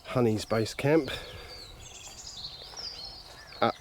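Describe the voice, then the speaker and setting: This clip has a man at medium pitch and a moderate pace, with a faint hiss or hum underneath. Filming himself on a handheld camcorder while carp fishing by a lake, the vlogger chats easily and jokes at his own expense.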